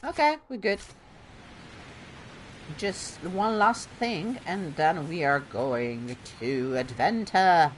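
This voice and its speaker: A woman's voice: lowish voice, expressive, slow pace, slight background noise. A woman from Bologna with a light Italian accent, chatting casually through a game with rambling, self-deprecating asides. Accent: Italian, slight Bolognese lilt. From Bologna, Italy. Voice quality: drama-school trained diction. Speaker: let's play host. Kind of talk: casual gameplay commentary.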